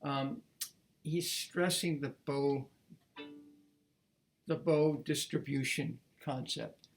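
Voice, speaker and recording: A man giving a casual violin lesson, talking in a relaxed, rambling way with frequent restarts. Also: mid-range voice, slow pace, faint music behind. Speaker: violin teacher.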